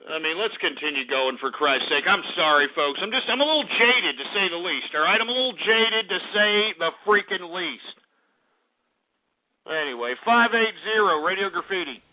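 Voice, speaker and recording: A man's voice: sits high, lively intonation, normal speed, a little hiss or hum. A man hosting a call-in radio show, ranting in an exasperated way, swearing and repeating himself. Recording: tinny phone-line quality.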